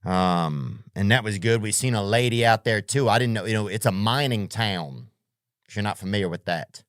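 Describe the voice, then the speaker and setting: A man's voice: fairly low pitch, moderate pace, dry recording, clean studio sound. A man doing a rambling, profane comedic monologue as a podcast host, full of slang and tangents.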